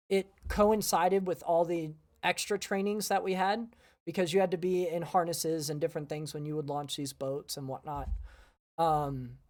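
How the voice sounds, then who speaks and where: A man co-hosting a podcast, explaining his old crew duties in a relaxed, casual way. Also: on the high side. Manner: relaxed, many "um" fillers, laughs easily. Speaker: podcast co-host, former cruise ship sports staff. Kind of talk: casual storytelling chat.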